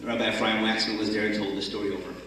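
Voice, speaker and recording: A man giving a storytelling talk at a religious conference, animated and acting out the people in his story. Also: lowish voice, racing. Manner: animated storyteller, acts out the characters. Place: large conference hall. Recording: echoey hall from far off.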